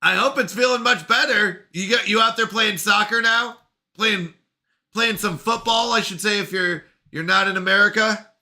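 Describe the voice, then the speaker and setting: A man's voice: high voice, moderate pace, bright, forceful tone, soft background music. A man live-streaming in a casual, playful way, reading chat messages aloud and joking around. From Canada. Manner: playful, chatty, reads chat messages aloud, jokes about pronunciation.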